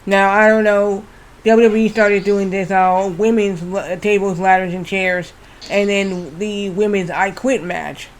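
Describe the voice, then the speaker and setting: Male streamer, rambling casual game commentary, high-pitched, swears freely. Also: fairly even intonation, unhurried.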